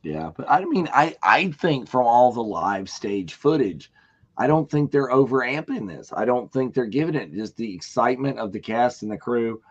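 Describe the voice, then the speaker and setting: A man co-hosting a casual fan chat, telling convention stories with animated acted-out quotes and laughs. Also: medium pitch, moderate pace, slightly rough, muffled recording. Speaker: co-host of a fan watch-along show.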